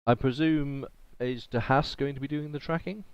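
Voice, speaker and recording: A man's voice: mid-range voice, normal speed, smooth, no echo, muffled recording. A man acting as game master, chatting and laughing as he runs a tabletop game on a voice call. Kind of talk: running a tabletop game over voice chat.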